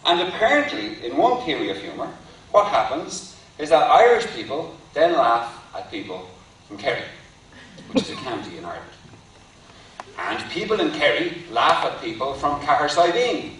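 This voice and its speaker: A male lecturer talks through an academic point, pausing wryly before his punchlines. He sounds distant from the microphone, with heavy hall reverb and a faint hum of room ambience. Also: a little high, sing-song, fairly bright tone. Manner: wry, deliberate, builds to punchlines. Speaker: university lecturer. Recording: echoey hall from far off.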